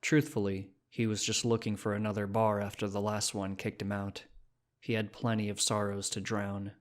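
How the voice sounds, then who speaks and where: A man reading short stories aloud as narrator, in a steady storytelling manner. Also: lowish voice, normal speed. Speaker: story reader. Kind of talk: scripted narration.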